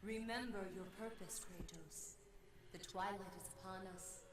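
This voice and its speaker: An actress voicing a ghostly goddess in a video game, urging a warrior on in a solemn, hushed voice. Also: female voice, medium pitch, normal speed, heavy reverb, far from the mic, lightly acted.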